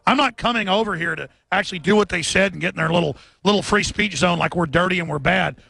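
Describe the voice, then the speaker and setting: A man hosting a radio show live from an outdoor event, ranting fast and chanting slogans through a bullhorn. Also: high-pitched, gravelly, breathy edge, dry recording. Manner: shouts protest chants slowly and repeatedly.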